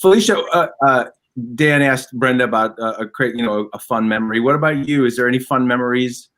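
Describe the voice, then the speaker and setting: A man of middle pitch co-hosts a live online chat. He asks his questions haltingly and fills the gaps with many "uh"s and "you know"s. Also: fairly bright tone. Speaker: co-host.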